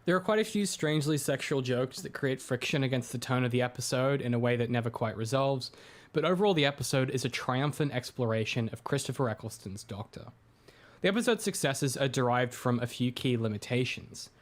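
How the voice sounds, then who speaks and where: A man reading a critical analysis aloud in a steady voice, breaking off now and then for relaxed, chatty asides with plenty of "uh"s. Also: mid-range voice, brisk. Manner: reads steadily, drops into chatty asides with filler "uh"s. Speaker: co-host reading his own book aloud. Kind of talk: casual read-through with asides.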